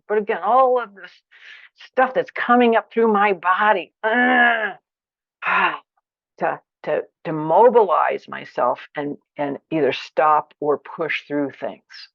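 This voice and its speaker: Woman teacher, expressive and demonstrative, dry close sound, kinda gravelly. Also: on the low side, slow pace, no echo, highs cut off. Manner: expressive, acts out feelings with sighs and exclamations. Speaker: teacher of a conflict practice. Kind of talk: workshop lecture.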